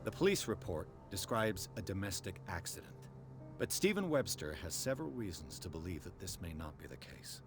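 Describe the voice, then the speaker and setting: An actor playing a level-headed male police investigator in a video game, speaking in a calm, persuasive way. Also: low voice, a little fast. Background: game music.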